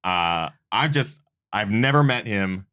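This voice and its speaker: Show host, very low voice, earnest and rambling, casual delivery. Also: male voice, lively intonation, slow pace, pushed and bright, clear, resonant tone, no echo, studio quality. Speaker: host of a running channel. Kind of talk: casual awards show chat.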